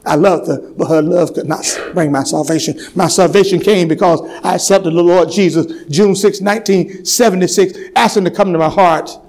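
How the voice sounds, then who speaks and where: Male pastor, high voice, sermon in a church; goes from hushed stories to fervent, climbing exhortation. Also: poor audio. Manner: swings from hushed, slow storytelling to loud, fervent preaching. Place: church sanctuary.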